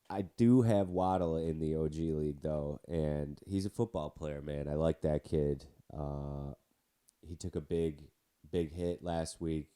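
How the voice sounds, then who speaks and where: A man's voice: rumbling low, mellow, clean tone. A man with a nasal, stuffed-up voice from a cold, hosting a casual sports podcast in a chatty, rambling way. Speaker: podcast host.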